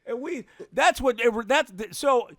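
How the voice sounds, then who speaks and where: A man, a radio broadcaster, telling stories in casual podcast talk, animated, acting out quotes and laughing often. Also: moderate pace, no room sound, studio quality. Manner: animated, acts out quotes with big pitch swings, laughs often.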